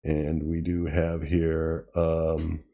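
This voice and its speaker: A man hosting a tutorial, casually demonstrating gear and thinking aloud with pauses and self-corrections. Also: very deep voice, monotone, vocal fry, warm tone. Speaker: tutorial host. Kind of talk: casual demo while playing. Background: drum machine sounds he is playing.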